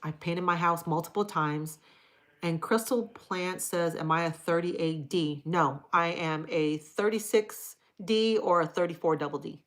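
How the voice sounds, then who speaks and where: A middle-aged woman hosts a casual livestream, reading viewer comments aloud and chatting frankly with plenty of profanity. Her voice sits on the low side and moves a little slowly.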